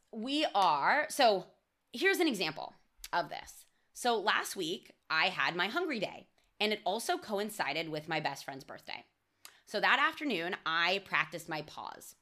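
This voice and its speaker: A woman's voice: mid-range voice, pushed and bright. A young adult woman hosting a solo podcast on mindful eating, speaking in a casual, candid way, cursing freely and saying "like" often.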